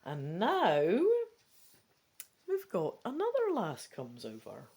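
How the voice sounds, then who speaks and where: A woman with a Scottish accent reading a gamebook aloud, breaking off into chatty, quick asides. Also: on the low side, huge pitch swings, a little mellow. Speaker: gamebook reader. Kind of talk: casual read-through with chatty asides.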